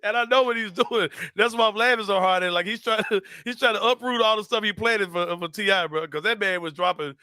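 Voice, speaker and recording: A young man hosting a casual sports talk show, telling stories loudly, laughing often and swearing freely. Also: high-pitched, fairly quick, few pauses, clean tone, no room sound, studio quality. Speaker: host.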